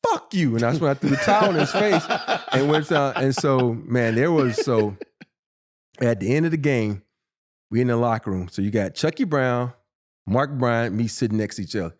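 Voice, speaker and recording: Animated man in his fifties telling stories. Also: medium pitch, moderate pace. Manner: animated, profane storytelling, acting out quotes with laughter. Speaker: interview guest, former pro basketball player. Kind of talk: casual storytelling in a podcast sit-down.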